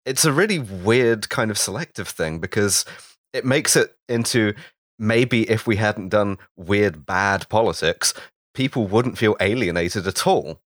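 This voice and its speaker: A man's voice: lowish voice, expressive, a little slow, a bit bright, dry recording, clean studio sound. A man co-hosting a casual podcast chat, who thinks aloud in a critical way. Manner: critical, thoughtful, sweary. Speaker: podcast co-host.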